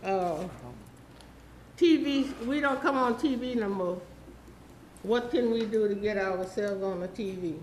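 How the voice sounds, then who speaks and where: A woman's voice: mid-range voice, unhurried, pauses often, darkish tone, echoey room, a little hiss or hum, low-quality recording. A woman, rambling and pleading through a public comment at a city council meeting. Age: 80s.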